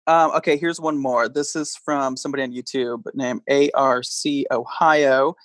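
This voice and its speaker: A man's voice: medium pitch, fairly even intonation, normal speed, fairly bright tone, no room sound. A man hosting a podcast, casually chatting and playfully quizzing his guest. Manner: playful, quizzing a guest with multiple-choice options. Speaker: podcast host. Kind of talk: casual chat.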